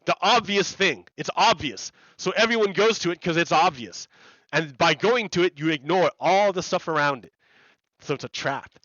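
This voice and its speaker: A man's voice: on the high side, expressive, normal speed, a bit bright, no echo, dull audio. A man chatting casually on a live game stream, rambling and repeating words as he explains ideas to his viewers. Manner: rambling, repeats words and restarts, laughs often.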